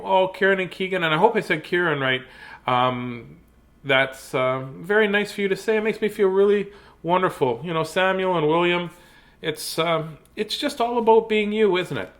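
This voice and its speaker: A man's voice: high-pitched, normal speed, fairly bright tone. A middle-aged man hosting a live-streamed children's storytime, chatty and playful, easily sidetracked and greeting young viewers by name. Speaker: children's book reader and show host.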